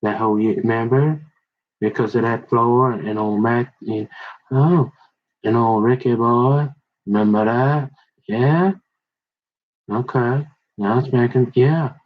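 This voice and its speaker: A man's voice: mid-range voice, takes it slowly, pauses often. A middle-aged man rambling in a folksy, confrontational monologue full of slang, recorded on a dull lo-fi mic. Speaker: vlogger.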